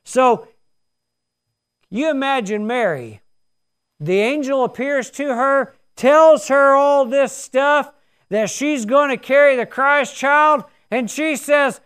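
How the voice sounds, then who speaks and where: A man's voice: very high-pitched, slow pace, fairly bright tone. A man in his sixties preaching a sermon, telling his story in a folksy, earnest way. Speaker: pastor.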